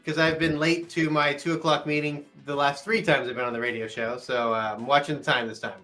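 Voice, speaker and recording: Bright-voiced man with dry asides. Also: a little high, little pitch movement, brisk, soft background music. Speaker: podcast panelist. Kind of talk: casual podcast banter.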